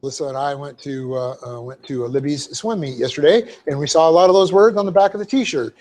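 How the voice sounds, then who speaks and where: Pastor, male, fairly high voice, explains Greek words step by step with lots of fillers. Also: fast, darkish tone. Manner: methodical, spells out Greek words letter by letter; frequent fillers and "okay?" check-ins. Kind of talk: verse-by-verse Bible teaching. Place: church sanctuary.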